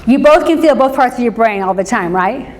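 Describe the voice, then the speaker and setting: A counselor from the American Midwest who speaks on forgiveness gives an interactive lecture to a live group, talking conversationally and often checking in with "right?". Her voice is a little high and darkish in tone, brisk, with lively intonation. The hall gives the recording a long reverb.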